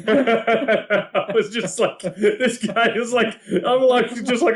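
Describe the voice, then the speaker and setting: A man chatting casually and recapping a TV show, animated, acting out quotes, swearing freely and laughing often. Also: sits high, slow pace, a little hiss or hum.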